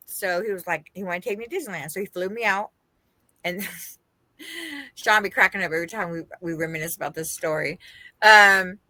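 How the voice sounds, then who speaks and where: Woman from Las Vegas, animated storytelling, swooping pitch, bright tone, dry close sound. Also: dry recording. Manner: animated, laughing, quoting others in her story. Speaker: podcast co-host. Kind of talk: casual storytelling chat.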